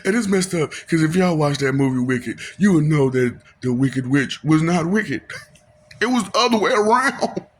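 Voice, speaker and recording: A man's voice: a little high, animated, moderate pace, breathy edge. A man, talking in a casual rambling monologue and laughing often between lines. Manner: laughs often, breaks into sing-song bits and mocking voices.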